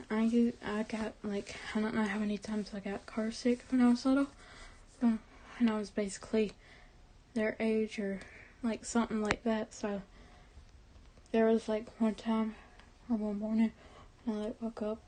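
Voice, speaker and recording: A young woman talking casually to her camera, rambling with many restarts and fillers, her voice quiet and tearful. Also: medium pitch, poor audio. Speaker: vlogger.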